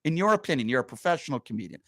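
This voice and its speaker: Animated male radio host telling stories. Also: mid-range voice, racing, no room sound. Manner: animated storyteller, quotes people in raised voices. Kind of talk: casual studio chat, storytelling. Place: radio studio.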